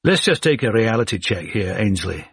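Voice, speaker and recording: A man voicing a cautious male head of research in an audiobook, measured and probing. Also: on the low side, big pitch swings, vocal fry, a bit bright, husky, no room sound, full character voice.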